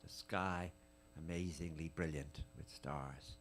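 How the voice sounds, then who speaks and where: A man giving a dramatic reading of letters at a live tribute event, with an intimate, measured, lingering delivery. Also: extremely low pitch, steady tone, slight background noise.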